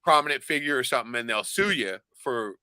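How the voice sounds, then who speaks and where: A man's voice: mid-range voice, lively intonation, fast, pushed and bright, smooth, dry recording. A man on a casual podcast, rambling and swearing a lot, often tagging lines with "right?". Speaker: podcast co-host. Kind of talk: casual profane chat.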